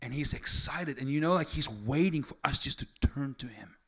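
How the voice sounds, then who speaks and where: A man's voice: medium pitch, animated, moderate pace. A man preaching a sermon. He talks casually at first, then builds to fervent, raised delivery. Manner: conversational, builds to fervent shouting.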